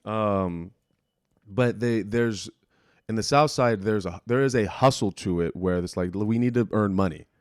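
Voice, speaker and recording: A man's voice: fairly low pitch, measured pace, clear, resonant tone, no room sound, clean studio sound. A young man hosting a solo podcast, talking casually with lots of restarts, fillers and swearing. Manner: rambling, profane, frequent restarts and fillers. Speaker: podcast host.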